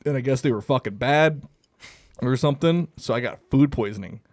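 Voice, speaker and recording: A man's voice: medium pitch, fairly quick, a little mellow, dry recording. Young man, casual storyteller, swears a lot, dry close sound. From Canada. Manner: profane, rambling, laughs through stories. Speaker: podcast co-host.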